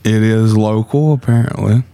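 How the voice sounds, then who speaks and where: A man chatting on a casual podcast, laid-back and halting as he starts a story. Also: fairly low pitch, steady tone, warm tone, no echo. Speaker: podcast regular. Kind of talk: casual chat, telling a story.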